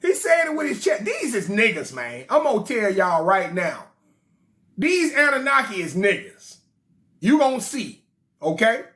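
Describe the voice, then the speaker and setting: Animated joking male storyteller. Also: high voice, unhurried. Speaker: study group leader. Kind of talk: comic retelling and reading of an ancient text.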